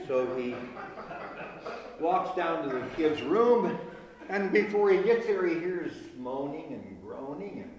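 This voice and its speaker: A man's voice: on the high side, lively intonation, a little slow. A man telling jokes to friends, in a loose, chatty storytelling manner. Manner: loose storytelling, laughs at his own punchlines. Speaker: comedian. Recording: echoey room with long reverb, faint ambience.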